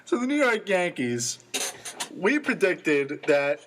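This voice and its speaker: A young man co-hosting a college radio sports show, rattling off stats quickly and eagerly. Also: high-pitched, very animated, a little hiss or hum. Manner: quick, stat-heavy, enthusiastic.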